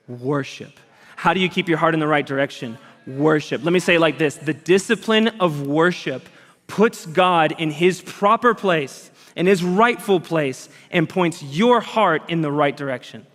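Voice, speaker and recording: A man preaching a sermon as a pastor, earnest and conversational, with lively emphasis. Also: a little high, normal speed. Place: church auditorium. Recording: long hall reverb.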